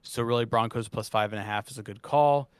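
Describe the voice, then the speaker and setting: A man's voice: mid-range voice, brisk, smooth, no echo. A man co-hosting a sports podcast, blunt and swearing, laughing often in casual chat. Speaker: podcast co-host.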